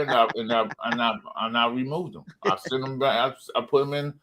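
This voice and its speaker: A man hosting a casual livestream rant, rambling and stumbling over words as he reads comments aloud, laughing often and swinging between loud remarks and mumbles. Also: medium pitch, fairly even intonation, brisk. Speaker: livestream host.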